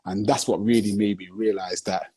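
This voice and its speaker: A man's voice: on the low side, steady tone, normal speed, mellow, husky. A man, a film director and guest on a live video chat, telling his story earnestly and often asking whether you follow him. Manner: earnest storytelling, heavy with "you know what I'm saying". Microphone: phone on a live video stream.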